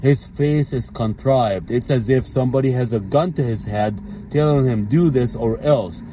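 A man's voice: mid-range voice, normal speed, mellow, slight background noise. A man delivering a blunt, profane ranting monologue as a commentary vlogger, leaning on repeated fillers.

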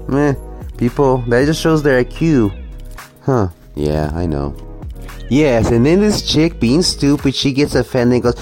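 A man's voice: mid-range voice, a little mellow. A man ranting sarcastically and profanely through a reaction commentary video. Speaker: commentary vlogger.

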